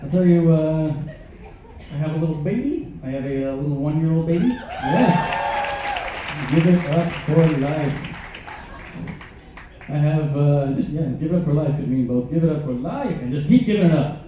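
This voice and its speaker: A man's voice: on the high side, lively intonation, moderate pace, mellow, a faint crowd, a little hiss or hum. A man performing stand-up comedy on stage, telling absurd jokes with hesitant fillers, caught by a camera far from the stage. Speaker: comedian and musician. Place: large ship theater. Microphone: stage mic heard from a distant camera. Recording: echoey, distant, tinny audience recording.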